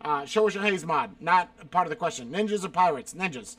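A man's voice: fairly high pitch, expressive, brisk, fairly bright tone, no echo. A man reading viewer questions aloud and firing back blunt, profane one-word answers in a casual stream chat. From South Carolina. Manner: reads questions aloud and answers bluntly, swearing, exasperated outbursts.

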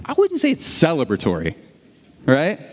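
A pastor preaches a sermon in a church auditorium, his husky voice on the high side at a moderate pace, with big-room sound. He tells animated stories, frequently restarting his sentences.

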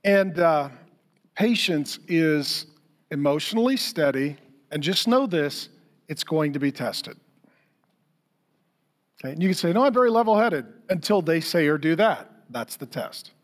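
A middle-aged male pastor with a notably high voice delivers a sermon. He tells animated, funny stories and keeps turning to the congregation with direct questions. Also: unhurried, pauses often. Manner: lively storytelling, acts out quotes for humor.

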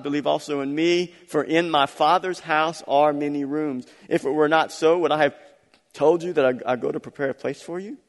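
A middle-aged man preaching a sermon, repeating phrases and swinging between quiet, intimate stretches and loud, emphatic climaxes. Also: mid-range voice. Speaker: pastor. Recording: long hall reverb.

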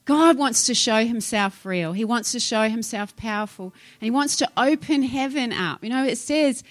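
Aussie lady preaching, high voice, all fired up, dry close sound. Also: normal speed, dry recording. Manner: fervent, exhorting, rising to urgent appeals. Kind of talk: sermon.

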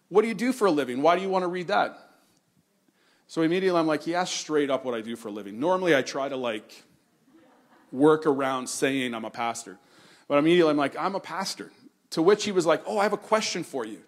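A male pastor with a slightly high voice gives an earnest sermon. He tells a personal story conversationally and slows down to stress key points.

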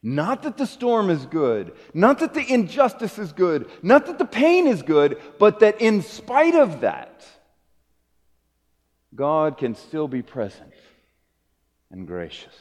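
A middle-aged man preaching a sermon as a pastor, earnest, rising to emphatic peaks and dropping to soft low phrases. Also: huge pitch swings, slow. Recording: long hall reverb.

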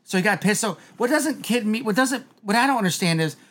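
A man's voice: high-pitched, animated, a little fast, a bit bright. A man chatting casually on a podcast, recapping a film's plot in a rambling, swearing way. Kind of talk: casual movie review chat.

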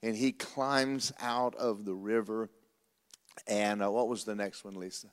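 A man preaching a sermon, pastor of his church, telling a story in a folksy, animated, repetitive way. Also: fairly low pitch, measured pace, in a large hall.

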